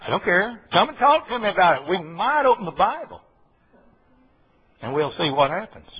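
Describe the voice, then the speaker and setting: Preacher man, husky voice jumping up and down a lot, folksy and rambling, dull lo-fi recording. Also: sits high, big pitch swings, moderate pace. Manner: folksy, rambling asides and asking listeners "okay?". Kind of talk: folksy sermon.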